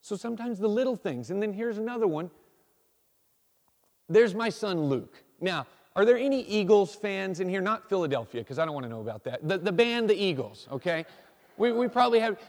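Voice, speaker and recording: A pastor in his forties gives a relaxed, homey sermon, joking about himself and often restarting his sentences. His voice sits fairly high for a man. The sound rings with the long reverb of a church sanctuary. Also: moderate pace. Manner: folksy, self-deprecating, frequent restarts. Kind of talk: casual sermon.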